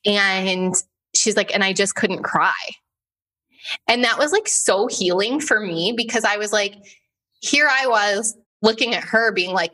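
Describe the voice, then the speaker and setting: A woman hosting a podcast in casual chat, telling personal stories with lots of "like" and an animated delivery. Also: mid-range voice, unhurried. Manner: chatty, heavy use of "like", animated storytelling. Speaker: podcast host.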